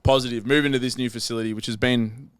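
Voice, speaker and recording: A man's voice: medium pitch, fairly even intonation, fast talker, smooth, no room sound. Sweary Australian man telling stories. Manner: loose, sweary storytelling with laughs. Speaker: gym owner and podcast host. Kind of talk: casual podcast chat.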